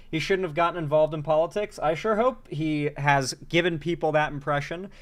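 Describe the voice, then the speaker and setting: A man's voice: on the high side, a bit bright. A man doing casual livestream commentary, reading chat messages and swearing freely. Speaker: streamer and political commentator.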